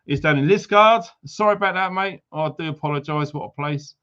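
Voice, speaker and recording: A man's voice: fairly high pitch, brisk, pushed and bright, smooth, muffled recording. A man hosting a casual livestream, greeting viewers with jokey, teasing banter. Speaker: livestream host.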